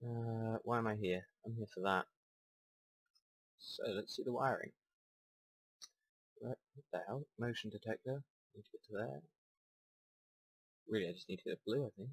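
A young man commentating a puzzle game, talking himself through each step and second-guessing out loud. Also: fairly low pitch, normal speed, pauses often, no room sound, low-quality recording. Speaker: gamer. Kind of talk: let's play commentary.

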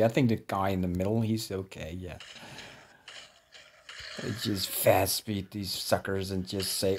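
Man, slow drawl, lowish voice, jittery gameplay commentary, swears a lot. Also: gravelly, slight background noise. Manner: jittery, swearing, talks to himself. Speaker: gameplay streamer.

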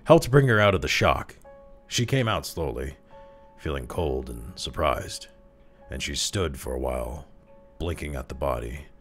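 A man reading a dark short story aloud in an expressive, dramatic way that slows down for tense moments. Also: very deep voice. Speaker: story reader.

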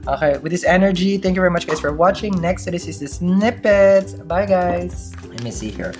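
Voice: medium pitch, lively intonation, moderate pace, over music. A tarot reader with a slight accent, giving a casual daily reading to camera, chatty, often laughing and checking in with the listener. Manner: chatty, laughs often, keeps asking "okay?".

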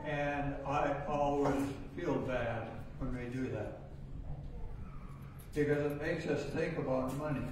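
A man in his nineties giving a sermon in a church, talking in a plain, unhurried way. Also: medium pitch, background noise. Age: 90s. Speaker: church speaker. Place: church sanctuary. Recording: echoey hall, voice from far off.

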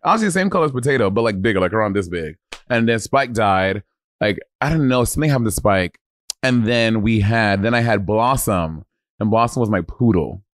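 A man's voice: fairly low pitch, animated, brisk, dry recording, clean studio sound. A man from Saint Lucia co-hosting a podcast, rambling through stories in a casual chat and laughing often. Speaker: podcast co-host.

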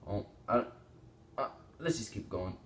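A man's voice: lowish voice, animated, a little slow, fairly bright tone, slight background noise. Rambling teenage guy in an echoey room. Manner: rambling, exclaiming, swearing often. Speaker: reaction video host. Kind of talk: casual reaction commentary. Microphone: small desktop microphone.

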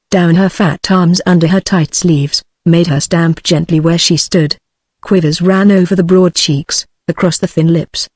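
A text-to-speech voice of a British woman reading a novel aloud in an even, measured way. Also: fairly low pitch, dry recording, clean studio sound. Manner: even, measured synthetic delivery. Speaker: audiobook narrator. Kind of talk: synthetic audiobook narration.

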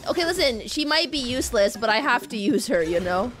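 Excitable young woman streaming a game. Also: on the high side, fairly quick. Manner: excitable, talks to chat, repeats exclamations. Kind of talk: live game-stream commentary. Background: faint game music.

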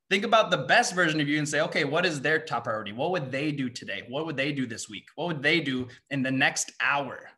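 Speaking in a mid-range voice that sounds pushed and bright, a young mindset coach runs a motivational seminar for students. He peppers them with fast rhetorical questions, ending point after point with "right?".

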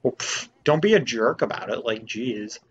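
A man's voice: mid-range voice, lively intonation, normal speed, dull audio, a little hiss or hum. A young man giving let's play commentary in a playful, jokey, mock-exasperated way. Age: young adult. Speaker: gamer.

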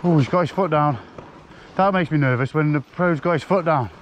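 Helmet-cam footage catches a man on a wooded hill trail commenting excitedly on his mountain bike ride, laughing and exclaiming breathlessly. His voice is a little high and fairly quick, muffled by wind and trail noise.

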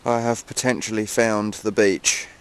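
The fairly low, clean-toned voice of an Englishman comes through unhurried and fairly even as he strolls among dunes and woods talking to the camera. It's a casual walking vlog, full of jokes at his own expense, recorded outdoors with plenty of noise.

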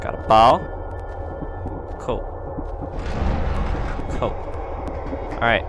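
A young man doing let's play commentary on a horror game, chattering nervously and breaking into loud, panicked yelps. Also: mid-range voice, extremely slow, long pauses, background noise. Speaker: gaming YouTuber. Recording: game music loud behind the voice.

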